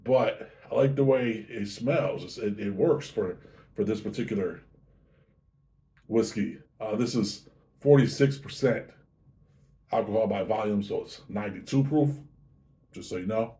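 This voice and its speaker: Casual male host for a tasting review, warm low-key delivery, chatty and unhurried. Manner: chatty, easygoing, self-correcting.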